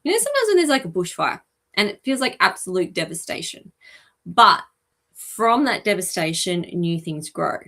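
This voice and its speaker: A woman hosting a live stream as an animal communicator, talking gently and chattily with many ums and asides. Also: fairly low pitch, big pitch swings, moderate pace. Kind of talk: live-stream reading for viewers.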